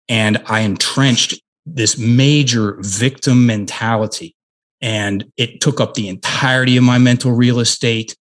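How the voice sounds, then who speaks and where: A man's voice: medium pitch, steady tone, measured pace. A middle-aged man, a guest in an interview, telling a personal story earnestly with frequent restarts.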